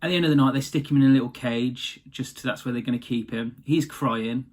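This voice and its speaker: A man's voice: mid-range voice, fairly quick, a little mellow. A man casually retelling a fairy tale, chatty and slangy. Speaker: storyteller.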